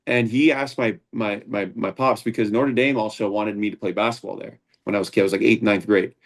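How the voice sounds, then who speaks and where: A man's voice: on the low side, steady tone, a little fast, vocal fry. A man, a founder and combat sports instructor, talking as a guest in a casual interview, earnest and rambling, with frequent restarts.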